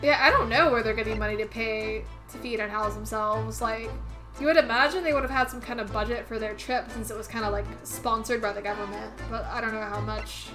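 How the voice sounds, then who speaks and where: A woman's voice: on the high side, steady tone, fairly quick, sharp tone. A woman streaming a video game and musing aloud in a rambling, casual way. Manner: rambling, musing, laughs at herself. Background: game music.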